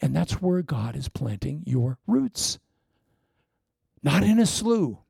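A male pastor delivers a lively sermon, breaking into laughter and acting out little scenes along the way. His voice sits a bit high for a man, with a gravelly, mellow texture. The sound is close and dry. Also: takes it slowly, no echo. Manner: animated preaching with laughing asides and playacted anecdotes.

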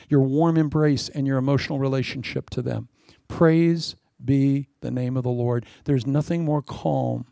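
Gravelly-voiced male preacher, animated. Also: a little high, no room sound, clean studio sound. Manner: animated, preacherly, playful asides with laughter. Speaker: pastor. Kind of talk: sermon.

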